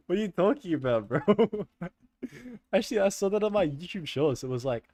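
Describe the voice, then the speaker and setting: A man's voice: on the high side, big pitch swings, normal speed, creaky, dark tone. A young man streaming a horror game, chatting with friends, swearing a lot and laughing nervously.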